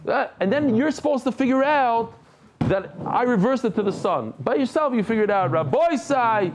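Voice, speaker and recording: A man's voice: very high voice, animated, normal speed, noisy background. A man giving a daily Talmud class in a conversational, humorous way, mixing Hebrew and Aramaic terms into his English. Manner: humorous asides. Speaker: Talmud teacher.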